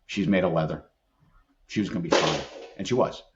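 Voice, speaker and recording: A middle-aged man with a fairly low voice speaks as a podcast guest, earnest and emphatic as he tells stories. The sound is dull and a little lo-fi. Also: brisk, heavy background noise. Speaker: employment attorney and leadership expert guest. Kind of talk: conversational podcast interview.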